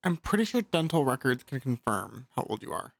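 Woman co-host, very low voice, skeptical listener, dry close recording. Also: big pitch swings, a little fast, creaky, no room sound. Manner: short reactions, skeptical questions. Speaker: podcast co-host. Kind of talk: casual chat.

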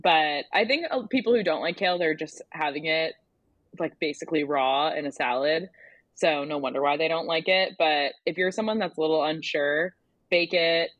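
Woman guest, low voice, relaxed and upbeat, dry recording. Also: moderate pace, dry recording, muffled recording. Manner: upbeat, laughs often, relaxed. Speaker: guest, food content creator. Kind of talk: casual interview chat.

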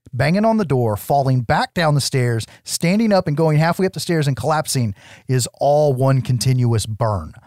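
A man co-hosting a casual podcast, retelling a movie scene by scene with lively, laughing energy and some swearing. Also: medium pitch, dry recording, studio quality. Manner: animated storytelling, acts out quotes with laughs, swears. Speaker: podcast co-host. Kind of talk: casual film recap chat.

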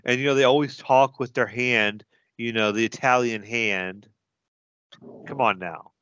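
A man's voice: mid-range voice, fairly even intonation, unhurried, a bit bright, smooth, dry recording. A man co-hosting a podcast, chatting casually and giving strong opinions. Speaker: podcast co-host. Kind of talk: casual chat.

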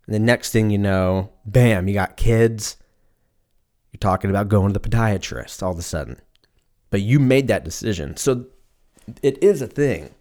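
A young man in his twenties hosts a solo podcast in a low-pitched voice. He rambles from tangent to tangent, swearing freely and joking as he goes. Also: normal speed, a little mellow. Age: 20s. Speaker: podcast host. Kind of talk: solo comedic podcast rant.

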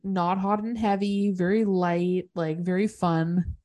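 A woman's voice: fairly low pitch, flat delivery, slow pace, warm tone. A woman co-hosting a podcast, chatting casually and laughing as she recaps a TV episode. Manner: chatty, laughs often, quotes characters. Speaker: podcast co-host.

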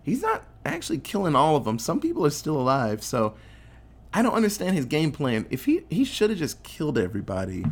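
Fairly quick and a bit high, this co-host's voice comes with a little hiss or hum. He tells a movie's story in a laid-back, swear-heavy recap, acting out the quoted lines with animation.

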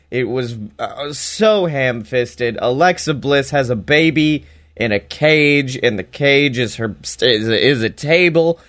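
A man's voice: medium pitch, slow pace, a bit bright. A man giving a casual, sarcastic recap of a wrestling show, laughing as he mocks it. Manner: sarcastic, mocking, laughs while talking.

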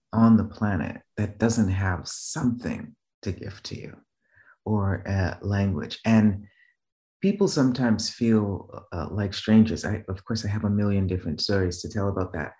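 A man's voice: animated, a little slow, mellow. A man from the Boston area, a business trainer, telling stories in a loose, rambling way and checking in with "right?" as he goes. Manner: rambling, frequent "right?" check-ins and restarts; acts out quoted voices in a raised pitch. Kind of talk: casual conversational storytelling.

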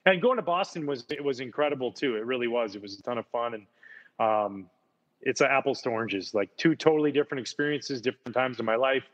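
A former ballplayer chats in an easygoing, enthusiastic way, doubling up words as he tells his stories. His voice sits at a middling pitch for a man. The recording is a bit dull and lo-fi. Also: quick pace, fairly bright tone. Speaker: former baseball player, guest. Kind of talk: casual chat, storytelling.

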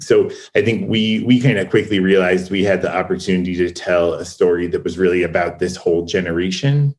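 A man's voice: deep voice, rough recording. A man, a co-creator of a series, talking thoughtfully in a casual interview and often restarting his sentences.

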